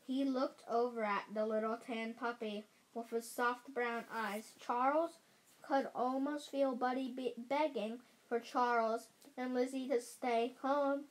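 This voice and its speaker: Woman reading a kids' chapter book aloud at a slow pace; careful delivery, frequent slips and self-corrections. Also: on the high side, steady tone, poor audio. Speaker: reader.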